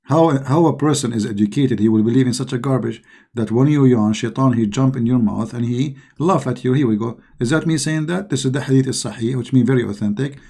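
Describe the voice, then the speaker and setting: A middle-aged online commentator delivers a sarcastic, scoffing critique of religion in loosely built, non-native English. He speaks a little fast at medium pitch, with a creaky, mellow voice.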